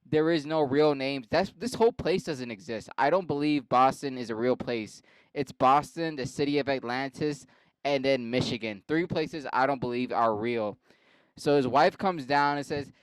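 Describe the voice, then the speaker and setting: Profane rambling man with a smooth voice. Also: medium pitch, moderate pace, no room sound. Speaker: podcast host. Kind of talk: crude comedic rant.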